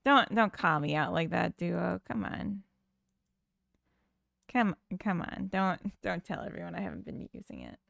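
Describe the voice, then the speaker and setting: A woman's voice: fairly low pitch, gravelly, fairly bright tone, no room sound, clean studio sound. A woman streamer chatting casually with her viewers while she works on her game code. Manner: unhurried, chats with viewers and reads their comments.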